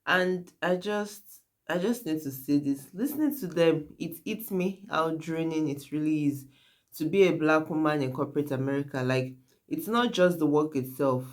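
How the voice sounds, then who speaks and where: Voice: medium pitch, normal speed. Earnest YouTube host reacting to clips. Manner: earnest, repeats "right?" and "guys". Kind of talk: casual commentary to camera.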